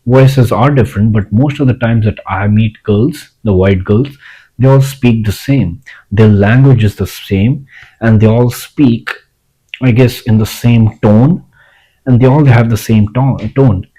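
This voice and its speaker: A man's voice: fairly low pitch, measured pace, dark tone, breathy edge, rough recording. A young man, talking casually to the camera in a rambling way, repeating himself and restarting lines. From India. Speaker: vlogger.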